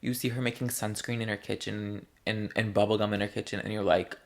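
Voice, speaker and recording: A man's voice: fairly low pitch, little pitch movement, fairly quick, creaky. A young man talking straight to camera in a casual vlog, rambling in a playful and candid way and drawing out his words. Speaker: vlogger. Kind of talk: casual chatty vlog monologue.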